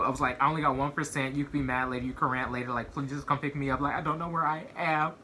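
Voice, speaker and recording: Young male vlogger, bright forward tone, chatty rambling storyteller with constant fillers. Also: mid-range voice, fairly even intonation, racing, slight background noise. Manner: rambling, heavy use of "like" and "you know what I mean". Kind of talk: casual storytime.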